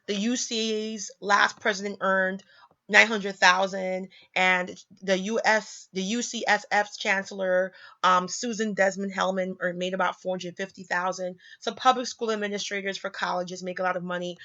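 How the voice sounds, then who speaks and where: Emphatic, bright-voiced woman on lo-fi audio. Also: mid-range voice, fairly even intonation, unhurried. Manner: emphatic, sarcastic at times, swoops up for emphasis. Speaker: vlogger teaching personal finance. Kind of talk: casual talk reading from websites.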